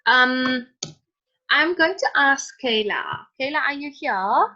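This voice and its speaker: A woman's voice: high-pitched, lively intonation, slow. A woman teaching a chemistry class online, patiently calling on students by name. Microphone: computer mic on a video call. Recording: dull lo-fi online call audio.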